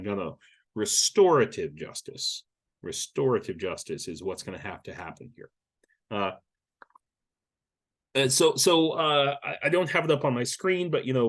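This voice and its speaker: A man giving casual news commentary, blunt and sarcastic, with lots of swearing and frequent restarts. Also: medium pitch. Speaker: YouTube war-news commentator.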